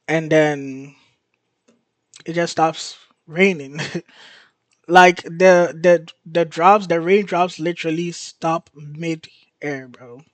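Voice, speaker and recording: A man hosting his show, casually recapping a TV episode in an excited, storytelling way. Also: on the high side, dry recording. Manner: excited storytelling, laughs and gasps in disbelief. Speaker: host.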